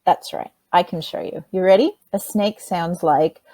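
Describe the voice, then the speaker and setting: A woman calmly teaching children simple breathing steps in a workshop lesson, speaking plainly and straight to them. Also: on the low side, moderate pace, no room sound. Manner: demonstrates by breathing sounds.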